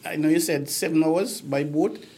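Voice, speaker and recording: A woman's voice: low-pitched, fairly even intonation, normal speed, dark tone, slightly rough. A woman co-host chatting casually, reacting with exclamations and soothing words. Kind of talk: casual chat.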